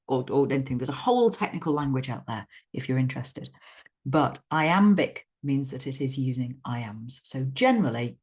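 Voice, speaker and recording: With a bass voice that is a little mellow and breathy at the edges, this woman speaks a little fast and with lively intonation. She's teaching English literature, talking through a poem in a loose, thinking-aloud style and occasionally chanting its stress patterns to bring out the rhythm.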